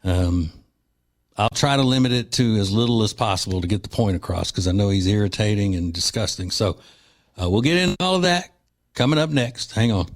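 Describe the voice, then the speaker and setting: A man's voice: fairly low pitch, fairly quick. Man, talk radio host, mocking, combative, scornful, opinionated monologue.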